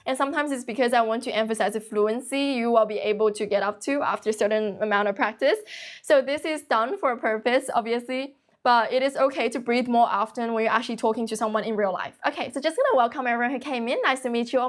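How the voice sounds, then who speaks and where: A young woman in her late teens hosting a casual livestream, talking quickly and continuously with few pauses. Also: on the high side. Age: young adult. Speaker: livestream host teaching English.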